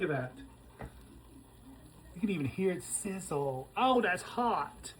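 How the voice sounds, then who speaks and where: A man with a high-pitched, sing-song, fairly bright voice speaks slowly and pauses often while hosting a casual cooking demonstration in his kitchen. Chatty and folksy, he talks to viewers as he tastes the food. The audio is poor, with slight background noise.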